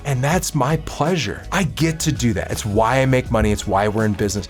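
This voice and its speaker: A man's voice: mid-range voice, a little fast, few pauses. Upbeat man coaching over faint music. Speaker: business coach. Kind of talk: solo coaching monologue.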